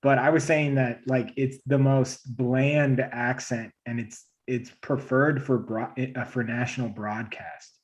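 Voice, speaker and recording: A man in a casual online panel chat, defending his point with halting restarts and laughter. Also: mid-range voice, fairly even intonation. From Kansas City area. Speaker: illustrator panelist.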